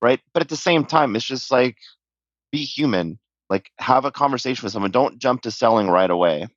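A man's voice: medium pitch, animated, brisk, dry recording, lo-fi sound. A man appearing as a podcast guest from sales, talking in an easygoing way with many fillers. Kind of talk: casual podcast chat.

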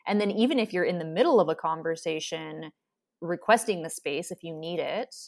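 A woman's voice: deep voice, expressive, a little fast, creaky. A woman hosting a podcast in casual chat, reflectively summing up what was discussed. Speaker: podcast host.

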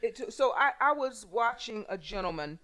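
A woman in casual conversation, telling workplace stories with many restarts and halting phrases. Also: fairly high pitch, expressive, crowd noise. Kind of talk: conversational storytelling.

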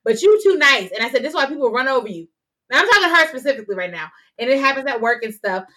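A young adult woman co-hosting a casual podcast chat, blunt and animated as she tells stories. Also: fairly high pitch, very fast. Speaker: podcast co-host.

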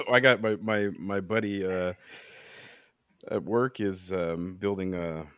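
Deep and slow, this co-host's voice has a fairly bright, clear, resonant quality, recorded dry with clean studio sound. He chats casually on the podcast, rambling with plenty of fillers and false starts.

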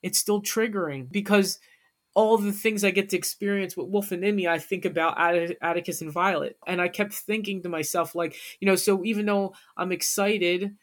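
A woman's voice: mid-range voice, steady tone, moderate pace. A woman as a podcast guest, telling a personal story in an earnest, heartfelt way.

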